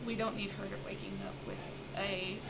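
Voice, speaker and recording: A woman's voice: mid-range voice, little pitch movement, brisk, gravelly, background noise. A woman playing a tabletop game, chatty and playful as she describes her character's moves. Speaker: player. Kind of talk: casual tabletop game play.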